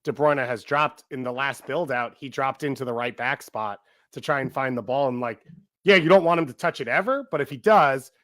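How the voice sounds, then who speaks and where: Man, co-host, mid pitch, soccer chat, conversational. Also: brisk, fairly bright tone. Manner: conversational, builds on points with examples. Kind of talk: live match commentary chat.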